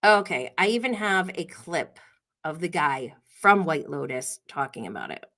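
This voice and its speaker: A woman's voice: low voice, expressive, normal speed, fairly bright tone. A woman hosting a podcast livestream, chatting casually and gossiping, laughing often as she tells stories. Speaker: podcast host.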